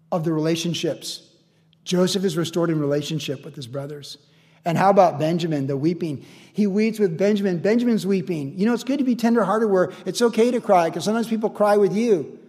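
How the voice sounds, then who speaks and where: A high-pitched man preaching with lively energy, slipping into playful voices for the people in his story. His voice rings out with a long reverb, as in a large hall. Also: fairly quick. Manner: animated, acts out quoted voices, laughs often. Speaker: pastor. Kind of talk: sermon.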